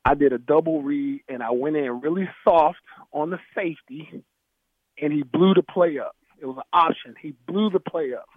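A man, a former football player, telling stories from his playing days in a casual, animated chat, laughing and acting out his coach. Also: a little high, normal speed, husky, dry recording. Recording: dry, tinny phone-like sound.

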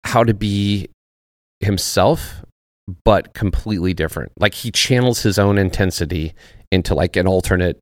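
A man's voice: low voice, moderate pace, no room sound, clean studio sound. A man talking as a podcast guest in casual chat, laid-back and profane, searching for his words. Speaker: podcast guest, actor and former soldier.

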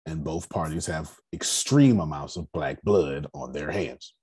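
A man with a raspy voice hosting a casual group discussion, speaking in a measured, emphatic cadence. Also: extremely low pitch, darkish tone. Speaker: host.

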